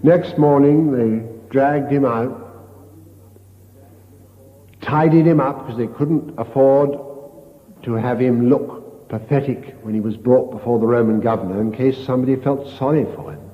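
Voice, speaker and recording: An older man, a priest, giving a retreat meditation as a slow, storytelling sermon with hushed quoted lines. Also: medium pitch. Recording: dull lo-fi tape in a reverberant hall.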